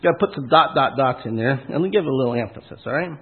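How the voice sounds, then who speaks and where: A man's voice: mid-range voice, lively intonation, rapid-fire, slightly rough. A man preaching a sermon in a folksy, punchy way, asking the listeners questions and hitting key words hard. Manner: folksy, punchy preaching with rhetorical questions and sudden loud emphasis. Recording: tinny phone-like sound.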